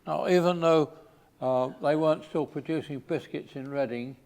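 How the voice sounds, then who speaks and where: An older man from England giving an informal slide talk, pausing often with fillers and restarts. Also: on the high side, darkish tone. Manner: halting, with many fillers and restarts.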